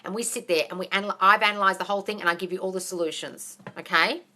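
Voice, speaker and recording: A woman answering viewers' questions on a live phone stream, talking fast and bluntly, swearing and calling everyone darling. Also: medium pitch, fairly even intonation, pushed and bright. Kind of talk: casual live Q&A.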